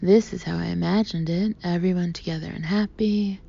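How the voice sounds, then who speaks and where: A woman narrating an audiobook in the first person, expressive, often sinking to a breathy half-whisper. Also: lowish voice, normal speed. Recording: muffled lo-fi audio with faint hiss.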